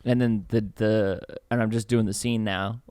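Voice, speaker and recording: Excitable man with a smooth voice. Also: normal speed, no echo, studio quality. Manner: excitable, acts out scenes with swooping pitch, swears casually. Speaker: podcast co-host. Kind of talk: casual film review chat.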